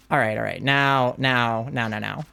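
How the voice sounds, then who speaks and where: A young man streaming a game live, gushing excitedly and cooing over cute creatures in casual commentary. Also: mid-range voice, gravelly, smooth.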